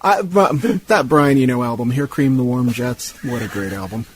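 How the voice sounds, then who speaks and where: A man from Tampa co-hosts a casual movie podcast, tossing in dry, wry asides and bits of local trivia. He speaks at a middling pitch with a faint hiss in the background. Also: moderate pace, low-quality recording. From Tampa, Florida. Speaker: podcast co-host. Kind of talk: casual movie-discussion chat.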